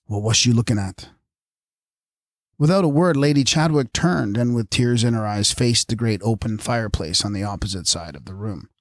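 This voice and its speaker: A man reads a story in a measured, even narrating voice at a middle pitch. The recording is close and dry, with no room sound around him. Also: dry recording. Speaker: audiobook narrator. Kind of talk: scripted narration.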